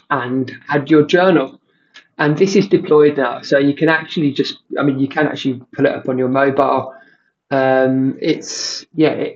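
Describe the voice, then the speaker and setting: A man casually walking through a tech demo, halting with many ums and restarts. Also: mid-range voice, a little mellow, muffled recording. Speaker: tech creator. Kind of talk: casual screen-share walkthrough.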